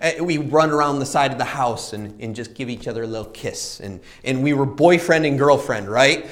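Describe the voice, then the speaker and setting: A man's voice: mid-range voice, moderate pace. A man preaching a sermon, telling a personal story with earnest repetition and frequent rhetorical questions.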